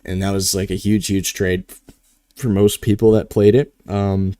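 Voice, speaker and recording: A man's voice: low voice, little pitch movement, moderate pace, dark tone, no echo, clean studio sound. A man hosting a live trading stream, talking casually and rambling, with the odd yawn. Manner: rambling, conversational, yawning now and then.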